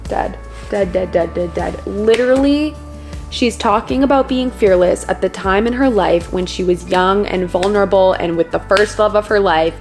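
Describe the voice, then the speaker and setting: A woman book vlogger in a casual, animated rant, exasperated and emphatic, repeating words for effect. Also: medium pitch, moderate pace. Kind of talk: casual reading vlog rant. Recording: echoey room with faint music.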